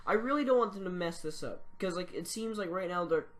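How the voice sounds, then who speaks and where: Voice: medium pitch, lively intonation, fairly quick. A teenager co-hosting a casual podcast, talking in a hesitant way with frequent restarts. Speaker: podcast co-host. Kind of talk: casual chat.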